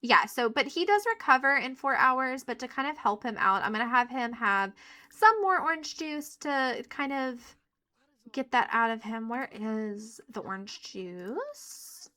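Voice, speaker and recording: A young woman chatting excitedly to her viewers as she plays a life-sim game, thinking out loud and gasping at surprises. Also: on the high side, measured pace. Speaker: gaming YouTuber. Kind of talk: let's play commentary.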